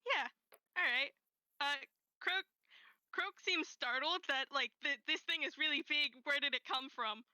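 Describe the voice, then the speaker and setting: Bright high-voiced woman game master. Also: no room sound, poor audio. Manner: gentle, unhurried narration with fillers. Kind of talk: narrating a tabletop game.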